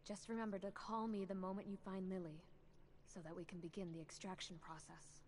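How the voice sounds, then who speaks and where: An actress playing a guarded female agent briefing a detective in a video game, calm and businesslike. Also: medium pitch, a little fast, slight background noise, natural voice. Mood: urging. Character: cool, guarded female agency handler.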